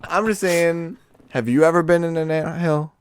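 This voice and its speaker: A man's voice: on the high side, steady tone, moderate pace, clean tone, no room sound, studio quality. A young man co-hosting a podcast in casual chat, teasing and playful, laughing often. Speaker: podcast co-host.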